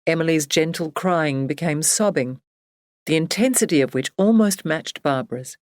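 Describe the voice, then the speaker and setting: Female audiobook narrator, low-pitched, steady storytelling, dry close sound. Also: no echo. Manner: measured, even storytelling.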